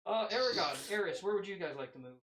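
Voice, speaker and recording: A man running a tabletop game as game master, relaxed and pausing now and then to check his notes. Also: sits high, echoey room, low-quality recording.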